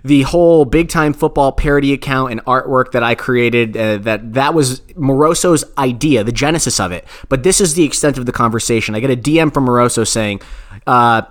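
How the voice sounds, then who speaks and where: A man's voice: mid-range voice, fairly quick. A man co-hosting a podcast, telling long rambling stories in a casual, self-deprecating way. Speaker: podcast co-host.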